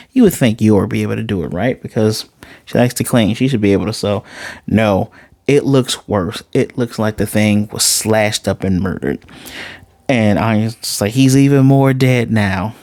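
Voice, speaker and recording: A man recapping an anime episode in casual talk, animated and quick to slip into quoted voices. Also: lowish voice, no echo, studio quality. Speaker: anime reviewer.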